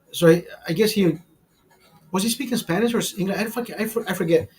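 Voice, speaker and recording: A man's voice: high voice, fast talker, darkish tone. A young man, the host, telling a long casual story in a rambling, heavily profane way. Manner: profane, rambling, mimics voices.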